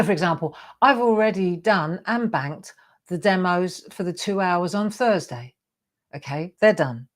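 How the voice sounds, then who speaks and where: A middle-aged woman hosting a live craft show, chatty, encouraging and self-deprecating as she demonstrates. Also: fairly low pitch.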